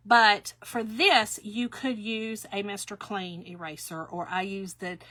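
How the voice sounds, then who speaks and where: In a dry recording, a middle-aged woman speaks at a measured pace with a medium-pitched, steady, bright, forceful voice. She owns a craft shop and rambles chattily through stories on a livestream demo, addressing viewers while her hands work.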